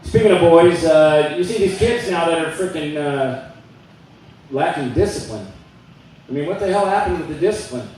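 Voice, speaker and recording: A man performing a stand-up comedy set on a club stage, telling jokes in a loose, conversational way with quick voiced asides. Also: a little high, expressive, darkish tone, a little hiss or hum. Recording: echoey room, mic at a distance.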